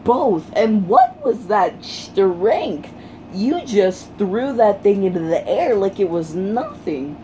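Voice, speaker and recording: A storyteller voicing an upbeat, admiring teenage schoolgirl hero in a fan retelling, pitched a bit higher than their own voice. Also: measured pace, a little mellow, a little hiss or hum, lightly acted. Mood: eager.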